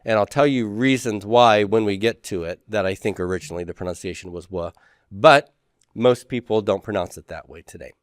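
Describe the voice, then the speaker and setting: A man's voice: on the low side, brisk, dry recording, clean studio sound. A man teaching a class, talking casually and repeating letter names for students to say back. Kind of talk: classroom lecture.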